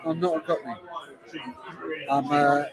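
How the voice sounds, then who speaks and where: A man with a London accent chats on a live stream, reading out chat messages and repeating his own lines as he goes. His voice sits slightly high for a man. Loud bar chatter fills the background. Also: fairly even intonation, unhurried, low-quality recording. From Hertfordshire, England. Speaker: beer vlogger streaming live. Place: busy bar taproom. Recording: loud bar crowd behind voice. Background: crowd chatter in a bar.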